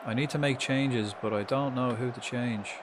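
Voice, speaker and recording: A man giving casual, swear-laden commentary while playing a football management game live, reacting loudly to the match. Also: mid-range voice, steady tone, moderate pace, noisy background. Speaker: streamer.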